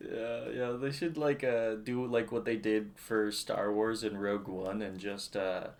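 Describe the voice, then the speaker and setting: Low-voiced man chatting about a film. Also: a little slow. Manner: animated, lots of "like" and restarts, laughs often. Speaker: podcast co-host. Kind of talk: casual movie review chat.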